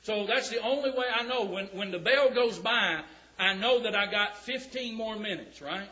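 Male preacher, emphatic drawn-out scripture reading, high bright voice. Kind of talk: sermon. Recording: dull lo-fi recording.

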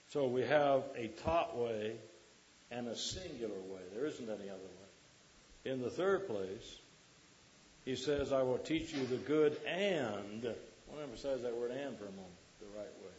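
A man's voice: mid-range voice, lively intonation, moderate pace, a little mellow, dull audio, a little hiss or hum. A man preaching a sermon to a congregation, quoting scripture and putting questions to the listeners.

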